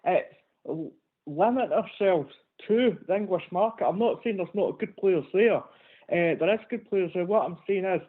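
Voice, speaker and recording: A man calling in to a phone-in show, explaining his point in a measured way with some hesitation. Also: sits high. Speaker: caller. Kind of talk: phone-in call. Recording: tinny phone line.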